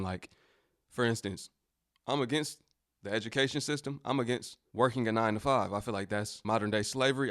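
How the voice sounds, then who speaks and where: A man's voice: lowish voice, no echo, studio quality. A man giving casual commentary in a laid-back, reflective way.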